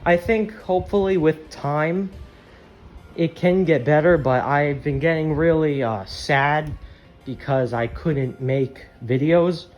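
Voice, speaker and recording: Young guy just chatting to the camera, kinda high voice, rambly and blunt, some soft music behind. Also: takes it slowly, dull audio. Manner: rambling, candid, swears freely. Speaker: YouTuber. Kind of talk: casual chat.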